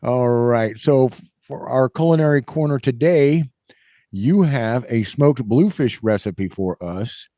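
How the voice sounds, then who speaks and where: A man's voice: mid-range voice, a little slow, mellow, no room sound. Middle-aged guy from kansas telling a long rambly fishing story, dry close sound. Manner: rambling, full of fillers, acts out the people in his stories. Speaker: podcast host. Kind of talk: casual storytelling.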